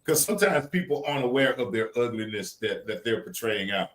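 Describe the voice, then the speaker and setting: A man's voice: mid-range voice, lively intonation, a little fast, a bit bright, reverberant, low-quality recording. Reflective man talking about grace. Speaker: podcast co-host. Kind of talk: casual chat.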